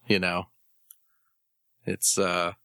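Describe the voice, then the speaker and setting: Man, tired, slow, bright tone, dry close sound, rambling casual chat. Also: low voice, monotone, vocal fry, clear, resonant tone, no room sound. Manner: rambling, joking, repeats words. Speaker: podcast co-host.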